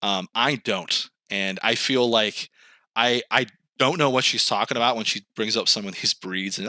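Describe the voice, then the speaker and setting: A man co-hosting a podcast in casual chat, animated and swearing, who acts out quoted lines. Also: fairly low pitch, normal speed, dry recording, clean studio sound. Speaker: podcast co-host. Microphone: remote call mic, screen sharing.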